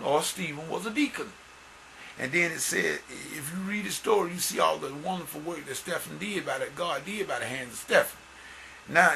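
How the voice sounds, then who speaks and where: A man giving an informal sermon and reading scripture, earnest and folksy, growing louder and higher as he builds. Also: gravelly, slight background noise, poor audio. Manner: folksy, repeats words and restarts. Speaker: church musician and lay preacher.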